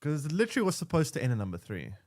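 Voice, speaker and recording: A man's voice: a little high, wildly swooping pitch, very fast, darkish tone. A young man streaming a game, chatting casually with many stammered restarts and repeated words. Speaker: gaming streamer. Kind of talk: casual gaming commentary.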